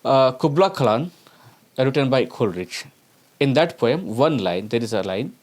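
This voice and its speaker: A man teaching a recorded lecture on poetry, reading each example slowly twice and then explaining it, asking his students questions along the way. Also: medium pitch, animated, a little mellow.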